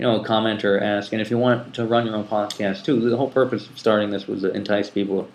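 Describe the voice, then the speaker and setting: A man with a lowish voice hosts a casual, chatty podcast and rambles through his points with plenty of ums and restarts. The room around him gives his voice a noticeable echo. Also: level tone, fast, a little mellow, slight background noise. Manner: rambling, many ums and restarts, laughs easily. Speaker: public access TV coordinator and podcast host. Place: room at a community TV station. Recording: roomy echo.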